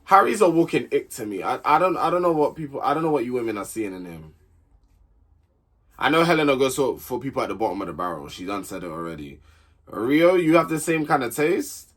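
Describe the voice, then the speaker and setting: A man's voice: mid-range voice, a little fast, slightly rough. Opinionated young man recapping a show. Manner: opinionated, animated, exclaims and repeats himself. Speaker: reality show recap host. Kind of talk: casual commentary.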